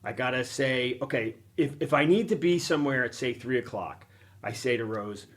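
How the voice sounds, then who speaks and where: A middle-aged man hosts a casual chat and tells an animated story. He laughs at himself and swears freely. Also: mid-range voice, normal speed. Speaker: podcast host. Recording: noisy action-camera room recording.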